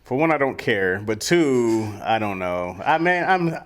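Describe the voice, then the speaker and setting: A man's voice: mid-range voice, sing-song, a little slow. A man co-hosting a podcast in casual chat, joking and teasing his co-host. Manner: joking, teasing, throws in playful voices.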